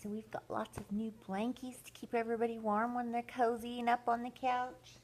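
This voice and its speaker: An older woman, a grandmother, reading a bedtime story aloud to children in a gentle, expressive way. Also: a little high, moderate pace.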